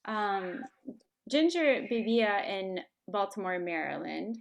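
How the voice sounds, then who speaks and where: A woman's voice: medium pitch, lively intonation, slow, gravelly. Hesitant woman student full of ums. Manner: hesitant, many ums, stops to ask questions. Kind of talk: answering in a language class.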